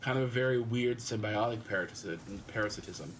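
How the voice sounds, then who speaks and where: A man's voice: fairly low pitch, fast, a little hiss or hum. A man chatting on a gaming stream, reading chat messages aloud and explaining things in detail.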